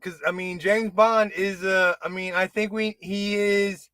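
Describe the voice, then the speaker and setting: A man with a high, bright voice talks in a loose, rambling way. He gets excited, starts sentences over and swears casually. The sound is close and dry. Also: measured pace, smooth, no echo. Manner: rambling, excitable, swears freely, many restarts. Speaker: podcast host. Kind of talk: casual chat.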